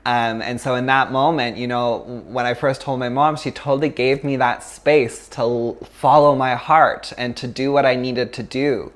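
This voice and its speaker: A man's voice: medium pitch, fairly even intonation, normal speed, hardly any pauses. A man from Canada, a yoga teacher giving a chatty, casual philosophy talk, full of fillers and laughs.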